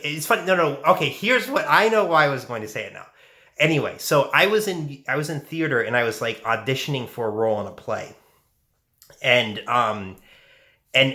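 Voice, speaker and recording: A man's voice: medium pitch, pushed and bright. A young man hosting a casual solo podcast, talking in a rambling way full of restarts and asides. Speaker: podcast host.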